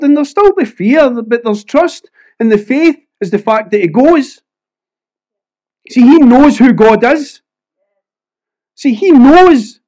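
A man's voice: sits high, darkish tone. A Scottish man preaching a conversational testimony sermon, earnest and personal. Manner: earnest, conversational, many restarts.

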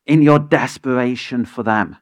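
A man's voice: medium pitch, normal speed. A man preaching an impassioned sermon as pastor, firing questions at the congregation. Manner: impassioned, rising to emphatic peaks, asks the congregation many questions.

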